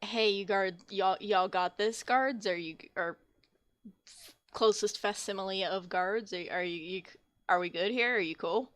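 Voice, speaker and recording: Woman voicing a hesitant fantasy adventurer, stammering, slow, lower and dry, tabletop game character. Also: a bit bright, dry recording, lightly acted. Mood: awkward. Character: awkward, unsure fantasy adventurer.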